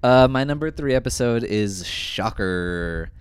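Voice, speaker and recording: A man's voice: medium pitch, expressive, unhurried, smooth, dry recording, studio quality. A man co-hosting a podcast, recalling favorite episodes in an enthusiastic, rambling way. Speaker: podcast co-host. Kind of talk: casual podcast chat.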